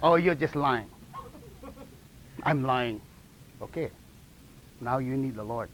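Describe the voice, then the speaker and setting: A man telling his testimony in a sermon, in animated storytelling style with non-native English grammar and frequent laughter at his own stories. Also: medium pitch, slow, a little hiss or hum, poor audio. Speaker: preacher.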